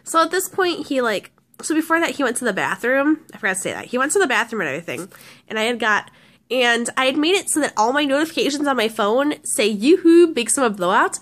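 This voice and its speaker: A woman's voice: a little high, expressive, quick pace, fairly bright tone. A woman vlogger telling a story casually, rambling with lots of restarts and fillers.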